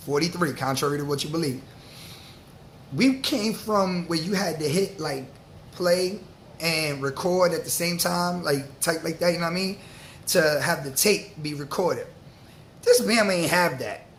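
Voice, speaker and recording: A man, telling a story to camera in a loose, slang-filled, animated way. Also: on the high side, measured pace, slight background noise. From New York. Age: 40s. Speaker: vlogger.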